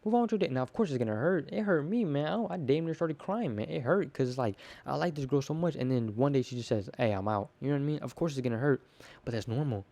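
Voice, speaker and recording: A teenage boy rambles through a casual solo podcast at a quick clip. His voice is mellow and dark, and he stumbles and repeats words as he acts out little bits of conversation. It all sounds improvised and loose. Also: mid-range voice, lively intonation, gravelly. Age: teens. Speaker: podcast host.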